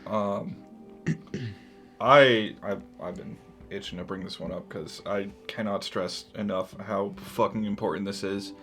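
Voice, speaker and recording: A man's voice: fairly low pitch, steady tone, measured pace, fairly bright tone, faint music behind. A man co-hosting a casual chat, emphatic and swearing for stress, with small chuckles. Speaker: co-host.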